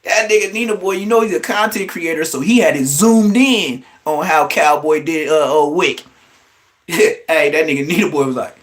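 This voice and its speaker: A man hosting a livestream, giving blunt, profane, trash-talking commentary in an excitable way. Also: a little high, moderate pace. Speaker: livestream host.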